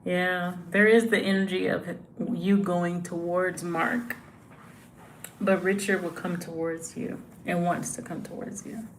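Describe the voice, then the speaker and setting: A young woman, giving a casual, halting tarot reading full of fillers and sighs. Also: on the low side, level tone, a little hiss or hum, rough recording. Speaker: tarot reader. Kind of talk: live tarot reading chat.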